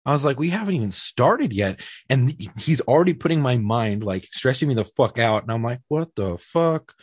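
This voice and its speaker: A man co-hosting a podcast, a former Marine telling stories in animated, profane casual chat. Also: mid-range voice, brisk, slightly rough, no echo, clean studio sound. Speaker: podcast co-host, police officer, former Marine.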